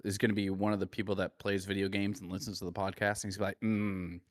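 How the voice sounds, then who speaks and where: A man co-hosting a gaming podcast in casual chat, trading quick jokes and asides. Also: low-pitched, completely flat delivery, dry recording, studio quality. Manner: fast banter, jokey asides. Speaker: podcast co-host.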